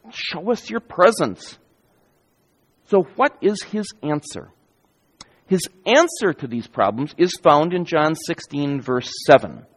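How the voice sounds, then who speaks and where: Guy preaching a sermon, emphatic, pitch jumping all over, big echoey church. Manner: emphatic, varied delivery with pauses. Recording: hall reverb.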